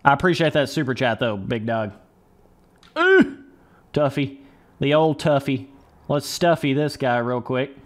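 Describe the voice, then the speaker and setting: A man's voice: medium pitch, moderate pace. A young man streaming a motocross game live, swearing casually, coaching himself through the race and chatting with viewers. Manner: casual, profane, talks to chat as brother and dudes; talks himself through the race under his breath. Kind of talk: live gameplay commentary.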